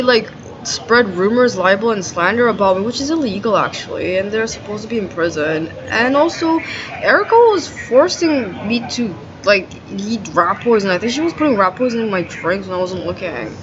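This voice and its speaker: Crowd noise and dull, lo-fi sound surround this video diarist as she vents her complaints, swearing, aggrieved, and leaning constantly on "like." Her fairly high voice has lively intonation and a moderate pace.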